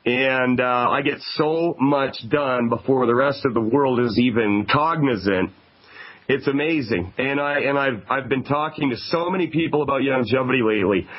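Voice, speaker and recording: A man from Canada hosting a call-in radio talk show, talking in a conversational, emphatic way. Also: mid-range voice. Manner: conversational, emphatic, repeats phone numbers slowly. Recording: dull lo-fi radio broadcast.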